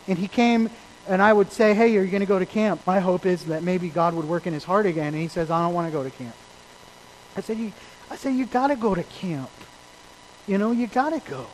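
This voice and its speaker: A pastor preaching to his congregation in a high-pitched man's voice. He tells stories earnestly, pushing some lines out loud and dropping others to quiet asides. A faint noise sits under the recording. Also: low-quality recording. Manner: earnest storytelling, swings between loud emphasis and quiet asides. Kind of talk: sermon.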